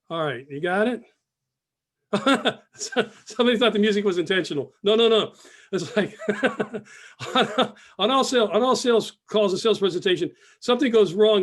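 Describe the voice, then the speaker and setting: A man's voice: sits high, animated, moderate pace. A man presenting a live sales webinar, upbeat and chatty, repeating phrases and reading the chat aloud over a computer mic. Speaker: webinar presenter, business mentor. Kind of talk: casual live webinar teaching.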